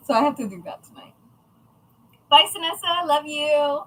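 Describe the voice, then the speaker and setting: A woman's voice: sits high, normal speed, fairly bright tone, low-quality recording. A woman chatting casually on a livestream about her craft shop, chatty, profane and self-mocking.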